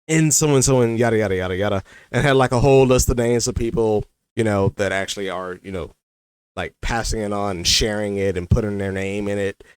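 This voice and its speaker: A man's voice: fairly low pitch, fairly even intonation, a little fast, clear, resonant tone, no echo, low-quality recording. A young adult man vlogging, telling a personal story in a loose, rambling way full of "like" and "you know".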